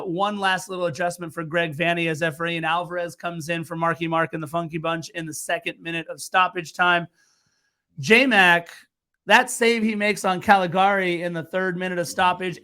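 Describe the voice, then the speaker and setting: A man co-hosting a fan podcast, recapping a match in an excitable play-by-play way and teasing his co-host. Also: sits high, normal speed.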